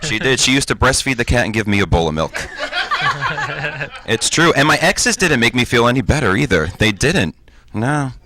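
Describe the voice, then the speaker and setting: A man's voice: medium pitch, big pitch swings, moderate pace, sharp tone. A man in his forties doing a stand-up comedy set on stage, with punchy, self-mocking delivery. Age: 40s. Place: stage before a live audience.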